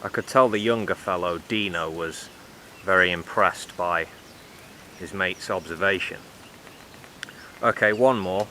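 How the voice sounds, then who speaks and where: A man giving sarcastic, deadpan commentary in a vlog with dry, mocking asides. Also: low voice, unhurried, long pauses, slight background noise. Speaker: vlogger.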